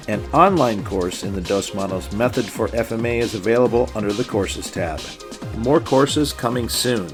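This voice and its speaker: A man hosting a podcast, reading upbeat scripted closing announcements. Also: lowish voice. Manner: upbeat promotional read. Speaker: podcast host. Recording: voice over background music.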